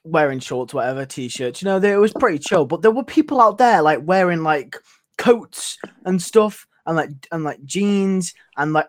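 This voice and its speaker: A man's voice: a little high, no room sound, studio quality. A young man with a Northern English accent, filling in as podcast host, talking in a laid-back, rambling, slangy way. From Northern England. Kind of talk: casual chat.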